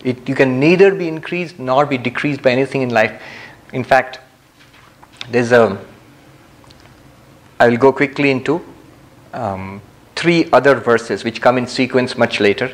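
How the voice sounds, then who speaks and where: A man giving a spiritual lecture to a live audience in a community center hall, speaking calmly and reflectively, with gentle humor and long pauses. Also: mid-range voice. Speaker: spiritual teacher.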